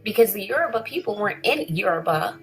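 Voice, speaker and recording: A woman's voice: mid-range voice, sing-song, fast, soft background music, poor audio. A woman chatting casually in a vlog, rambling and correcting herself as she reads through things. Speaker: vlogger.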